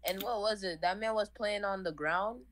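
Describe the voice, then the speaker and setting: A woman's voice: medium pitch, moderate pace, fairly bright tone, a little hiss or hum. A young woman joking and trading slangy insults with friends over voice chat. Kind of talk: casual gaming chat.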